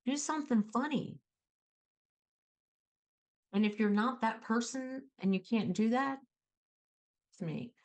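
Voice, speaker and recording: Animated woman hosting a self-help show. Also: fairly high pitch, slow pace, pauses often. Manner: animated, coaching, acts out calm self-talk. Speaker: host.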